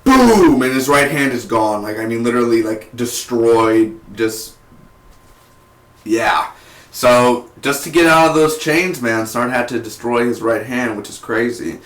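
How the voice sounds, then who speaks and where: Young man, casual episode review, rambling, excitable, roomy echo. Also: mid-range voice, measured pace. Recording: echoey room.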